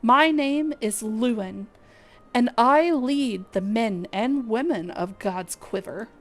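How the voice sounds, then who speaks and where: A woman reading the lines of a stern male leader of a forest archer guard from a game, in a formal, measured way. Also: on the high side, lively intonation. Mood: grave. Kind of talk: reading game dialogue aloud.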